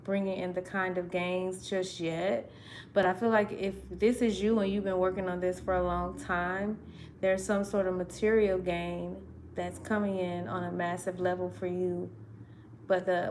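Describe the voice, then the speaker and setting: A woman's voice: lowish voice, slight background noise. A woman giving a casual live tarot reading, chatty and rambling, often cutting herself off. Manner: chatty, self-interrupting, laughing at herself. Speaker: tarot reader.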